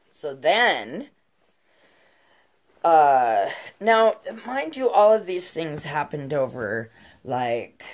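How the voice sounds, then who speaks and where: Low, slow-talking woman telling a story. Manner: profane, heated, conversational. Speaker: channel host telling a personal story. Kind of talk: casual storytelling vlog.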